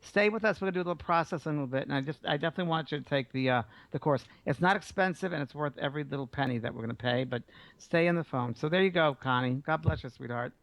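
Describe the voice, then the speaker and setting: A man hosting a radio call-in show as a psychic medium, giving a caller warm, reassuring messages. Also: on the high side, rapid-fire, creaky, few pauses, dry recording. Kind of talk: call-in reading. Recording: dull lo-fi broadcast audio.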